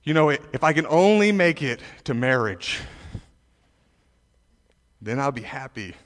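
A man preaching a sermon to a youth congregation, emphatic and animated, with frequent repetitions and restarts. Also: medium pitch, measured pace. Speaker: pastor. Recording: reverberant hall.

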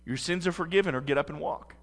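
A man's voice: on the high side, fast talker, fairly bright tone, long reverb tail. A man preaching a sermon as pastor, earnest and emphatic.

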